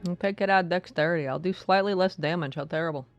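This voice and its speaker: A woman's voice: lowish voice, fast talker, muffled recording, faint music behind. A woman streaming a video game, giving casual commentary with sardonic, muttered asides and swearing.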